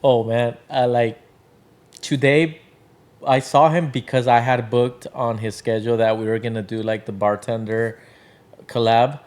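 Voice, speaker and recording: Steady in tone and measured in pace, this man speaks at medium pitch with a slightly mellow quality. A podcast guest and drink brand founder from Washington's Tri-Cities, he chats casually. His stories ramble loosely, thick with fillers and acted-out quotes.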